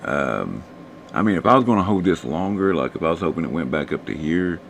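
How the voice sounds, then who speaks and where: A man, hoarse and losing his voice, casually talking through stock charts for a live stream audience. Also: low voice, fairly quick, slight background noise. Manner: relaxed, rambling, talks to chat viewers.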